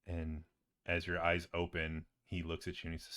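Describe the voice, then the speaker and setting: A man who serves as game master narrates a tabletop game in a loose, rambling style full of fillers. His voice sits fairly low. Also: monotone, moderate pace, a bit bright.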